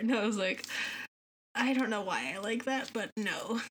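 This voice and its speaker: A teenage girl chatting casually with a friend, giggling often and reeling off names in a flat run. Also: on the high side, a little hiss or hum. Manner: giggly, lists names in a rapid deadpan run. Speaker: student. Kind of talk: casual chat.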